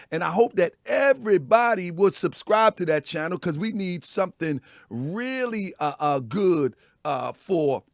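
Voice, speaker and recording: A man with a raspy, gravelly voice hosts a casual morning talk show, telling stories loudly and with a lot of animation. His voice sits high for a man. The recording is dry and close, with no room sound. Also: no room sound. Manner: loud, animated storytelling with laughs. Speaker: host.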